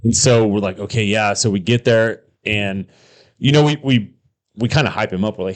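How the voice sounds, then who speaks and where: A man's voice: lowish voice, normal speed. A man, a former police officer, co-hosting a podcast and telling stories in casual chat, acting out quotes and swearing freely. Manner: animated storyteller, acts out quotes, swears freely.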